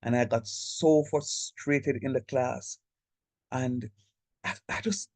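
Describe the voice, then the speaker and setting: A man's voice: mid-range voice, fairly even intonation, takes it slowly, a little mellow, dry recording. A man with a Jamaican accent teaching an online math class, talking to students in a direct, chatty way over a video call. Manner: direct, chatty, code-switches into local speech. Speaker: lecturer.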